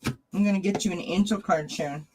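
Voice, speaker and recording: A woman's voice: on the low side, brisk, over music. A woman hosting a casual live tarot stream from home, chatting affectionately with viewers by name. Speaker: tarot reader and channel host.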